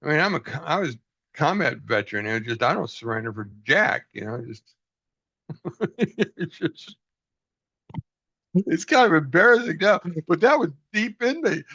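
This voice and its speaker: A man's voice: a little high, big pitch swings, moderate pace, pauses often, sharp tone, breathy edge, no room sound. Man group leader on a video call, earnest, laughs often, dull dry sound. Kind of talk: casual group talk.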